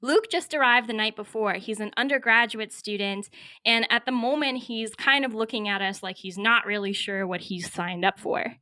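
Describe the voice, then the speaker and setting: A young woman from Canada tells a personal story with vivid, wry scene-setting. Her voice sits a little high and sounds bright and forceful. The recording is close and dry, with no room sound. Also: moderate pace, dry recording. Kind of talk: personal story told to a podcast. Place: her home.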